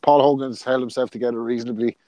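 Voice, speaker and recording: A man's voice: medium pitch, steady tone, fast talker, warm tone, no echo. A man from Australia co-hosting a podcast, chatting casually about boxing, blunt, swearing and full of fillers. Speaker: podcast co-host.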